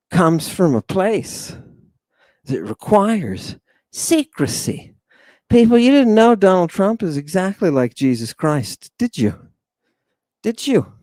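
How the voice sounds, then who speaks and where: A man preaching a scripture lecture with animated, sweeping pitch and a slightly high voice. He talks slowly and deliberately, calls out to his listeners, and sighs between points. The sound is close and dry, with no room around it. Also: no room sound. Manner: animated, preacherly, keeps addressing listeners as "people" and asking "right?"; sighs often, sarcastic asides. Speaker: host.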